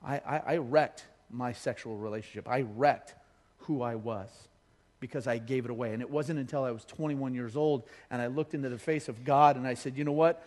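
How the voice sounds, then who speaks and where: A middle-aged man from Colorado, a pastor giving a sermon, telling funny stories and then dropping to a soft, earnest tone. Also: normal speed. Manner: humorous storytelling, energetic, drops low and soft for earnest appeals.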